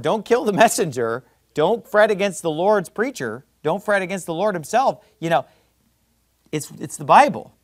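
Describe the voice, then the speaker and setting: Guy preaching a fiery blunt sermon, kinda high voice, dry close sound. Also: no echo. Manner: blunt, fiery preaching that swings between loud emphasis and quiet asides. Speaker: pastor.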